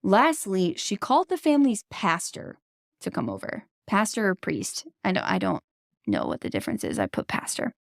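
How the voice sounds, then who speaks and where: Woman, podcast host, gravelly voice, blunt, opinionated, swears a lot, dry close sound. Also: mid-range voice, huge pitch swings, moderate pace, no room sound. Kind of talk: casual true-crime podcast chat.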